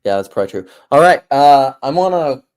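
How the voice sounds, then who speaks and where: A man's voice: mid-range voice, expressive, a little fast, darkish tone. A man hosting a podcast, from Minnesota, rambling casually and laughing easily. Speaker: podcast host. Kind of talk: casual chat.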